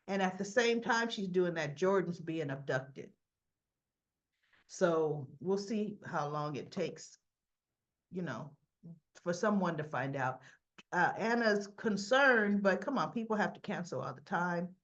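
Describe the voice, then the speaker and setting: A woman's voice: on the low side, moderate pace, dull audio. A woman casually recapping a soap opera episode, chatty, retelling scenes with quoted lines and asides.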